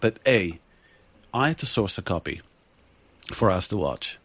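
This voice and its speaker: A man hosting a podcast in casual chat, animated, laughing often and swearing freely. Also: sits low, a little slow, breathy edge, dry recording. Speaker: podcast host.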